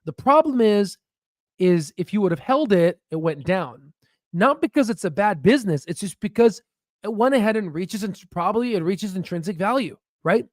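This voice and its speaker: A man hosting a stock market livestream, talking in excited bursts, laughing often and checking in with "right?". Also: high-pitched, moderate pace, no room sound, studio quality. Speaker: stock market channel host. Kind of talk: excited casual livestream commentary.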